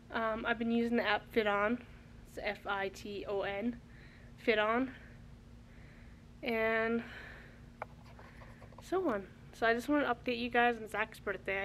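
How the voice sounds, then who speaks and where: A woman in her twenties with a mid-range voice chats casually to her camera at home, out of breath and rambling with many restarts. The vlog is recorded on a handheld camera mic with slight background noise.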